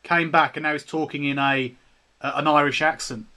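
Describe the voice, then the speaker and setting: A man's voice: on the high side, fairly even intonation, moderate pace, pushed and bright. A man chatting casually on a voice call, hesitant and full of fillers. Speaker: participant in a voice call. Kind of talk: casual chat.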